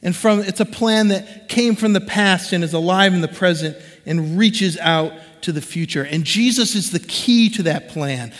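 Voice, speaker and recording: A man in his forties preaching a sermon as a pastor, conversational and animated, acting out the voices he quotes. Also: high-pitched, moderate pace, few pauses, long reverb tail.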